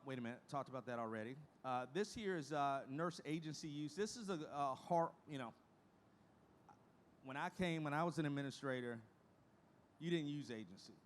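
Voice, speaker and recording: A middle-aged man speaking to a conference room, his voice sitting a little higher than most men's. He talks in a folksy, emphatic way and hammers home points through repetition. A faint hum of room noise sits underneath. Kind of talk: conference presentation.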